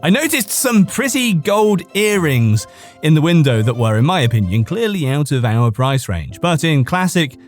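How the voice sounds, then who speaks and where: A man's voice: fairly high pitch, very animated, moderate pace, faint music behind. A man hosting a podcast, reading online posts aloud in a casual way, now and then cracking up laughing and tripping over words. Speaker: podcast host reading stories.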